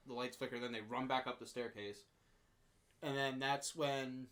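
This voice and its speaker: A man chatting loosely on a podcast, retelling scenes from a slasher film. His voice sits at an ordinary middle pitch, and he laughs often, stumbles into restarts and pops up in pitch to quote characters. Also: steady tone, moderate pace, fairly bright tone. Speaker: podcast co-host. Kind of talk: casual movie recap chat.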